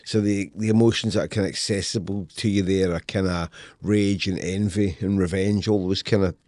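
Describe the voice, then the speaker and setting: A man's voice: deep voice, fairly even intonation, brisk, darkish tone, no room sound, clean studio sound. A Scottish man in his fifties, a writer being interviewed, answering in a laid-back, wry, self-deprecating way. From Scotland. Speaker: author guest. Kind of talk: casual interview.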